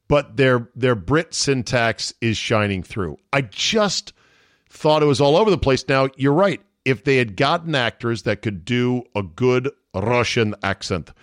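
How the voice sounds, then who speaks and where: An outspoken man talking on a podcast in an easy, casual way, blunt and quick with a swear word. His voice sits in an ordinary middle pitch, and the sound is dry and close to the mic. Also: no room sound. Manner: blunt, opinionated, swears freely. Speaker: podcast host. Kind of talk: casual chat.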